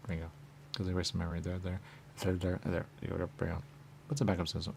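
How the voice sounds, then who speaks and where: Deep gravelly man rambling on radio. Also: flat delivery, very fast, a little hiss or hum. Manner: rambling, repetitive, with sudden loud outbursts. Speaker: radio host. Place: radio studio.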